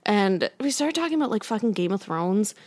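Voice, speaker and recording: A woman's voice: medium pitch, sing-song, fairly quick, darkish tone. A young woman casually telling a rambling story to a friend, full of fillers and laughter. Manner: rambling, heavy use of "like", laughs while telling stories.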